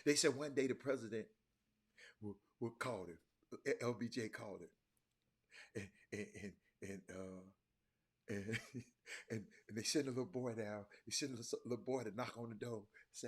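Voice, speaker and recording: Husky-voiced man telling a story. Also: medium pitch, moderate pace. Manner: animated storyteller, repeats and restarts, addresses viewers as y'all. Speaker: talk show host. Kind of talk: casual livestream history talk. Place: hotel room.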